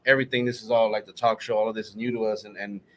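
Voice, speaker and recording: A man's voice: lowish voice, fairly even intonation, racing, a bit bright, a little hiss or hum. A man hosting a casual talk show, laid-back and agreeable, with easy slang.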